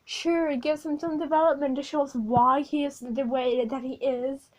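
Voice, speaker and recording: A woman's voice: high voice, steady tone, normal speed, slight background noise, low-quality recording. A woman rambling through an informal plot recap for a speedpaint video, swearing now and then and using many fillers. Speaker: video creator.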